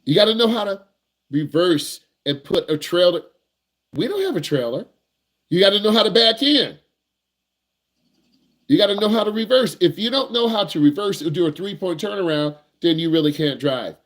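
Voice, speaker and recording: A man's voice: high-pitched, animated, moderate pace. A man working as a driving instructor, giving blunt, repetitive, slangy advice to young drivers in a casual teaching talk.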